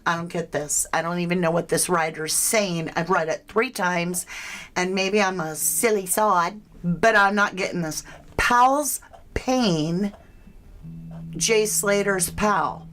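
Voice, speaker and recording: Slow-talking woman hosting a crime livestream. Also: medium pitch, fairly bright tone. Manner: chatty, thinking aloud, frequent asides. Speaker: true crime livestream host. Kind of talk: casual livestream chat.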